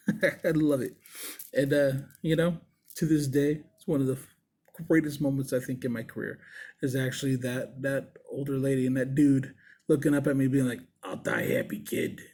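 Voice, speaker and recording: A body piercer telling a story in a casual, rambling, laid-back way, swearing freely. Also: male voice, medium pitch, steady tone, moderate pace, a little mellow.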